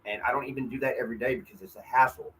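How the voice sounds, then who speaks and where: A man talks straight into his camera at home, venting in a loose stream of swearing and half-finished sentences. His voice sits in an ordinary middle pitch. A faint hum runs under the recording. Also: steady tone, rapid-fire, fairly bright tone, poor audio. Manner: frustrated, profane, rambling with restarts. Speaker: vlogger. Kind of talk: casual venting monologue. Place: apartment.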